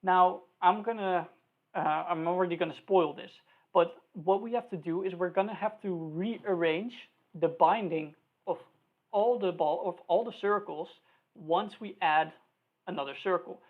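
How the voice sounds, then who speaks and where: In a live-coding tutorial heard through a tinny, phone-like recording, a programming instructor with a mid-range voice speaks unhurriedly. He thinks aloud, spells out each line of code, and fixes slips as he goes.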